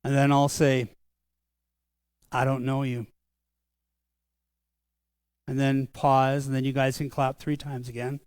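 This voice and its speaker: A man's voice: mid-range voice, completely flat delivery, a little mellow, smooth, no room sound. Older man pastor, dry close sound. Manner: earnest, conversational, slows for solemn lines. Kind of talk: sermon storytelling. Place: church sanctuary.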